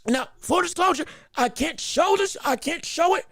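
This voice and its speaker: A man hosting a live boxing podcast, talking casually and getting excitable, repeating words when he gets flustered. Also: very high-pitched, normal speed, dry recording, studio quality. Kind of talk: casual live-stream commentary.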